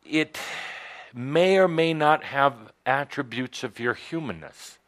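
A man teaching a spiritual workshop to a studio audience, talking in halting phrases with frequent pauses. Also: mid-range voice, lively intonation, fairly bright tone. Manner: halting, hesitant with many pauses and fillers.

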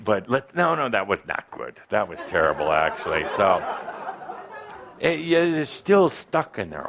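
A man coaching a live workshop audience, his voice swooping up and down with animated pitch. He speaks into a microphone and teases and coaxes the people in the room in a playful way. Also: measured pace, vocal fry, pauses often, background noise. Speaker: workshop leader. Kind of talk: live seminar talk to an audience. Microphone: handheld or clip-on microphone.

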